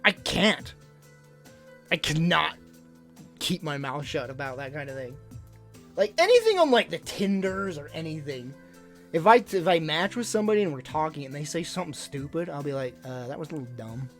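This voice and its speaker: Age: adult. Sex: man. Pitch: fairly high. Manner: blunt, rambling storyteller. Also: sing-song, normal speed, fairly bright tone, soft background music. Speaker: livestreamer. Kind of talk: casual chat to a live stream audience.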